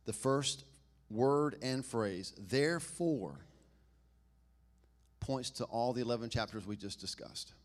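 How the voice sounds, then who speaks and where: A man with a Southern accent, a pastor giving a casual, humorous sermon that swings between loud emphasis and quiet asides. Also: mid-range voice, lively intonation, slow pace, pauses often. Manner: conversational and humorous, laughs and asks "right?".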